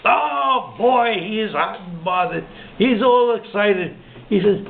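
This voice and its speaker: A man telling a long shaggy-dog joke, chuckling at his own punchlines and slowing down to deliver them. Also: high voice, expressive, gravelly, slight background noise. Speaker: joke teller. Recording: narrow phone-like sound.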